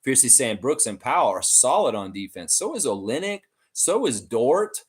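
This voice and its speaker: A man hosting a live watchalong stream, giving excited fan play-by-play and trash talk. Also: mid-range voice, moderate pace, slightly rough. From Canada. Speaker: livestream host.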